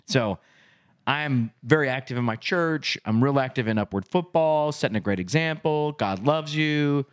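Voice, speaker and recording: A man co-hosting a podcast, telling a coaching story in casual chat and acting out his own yelling in loud bursts. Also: mid-range voice, animated, moderate pace, smooth. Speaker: podcast co-host and youth football coach.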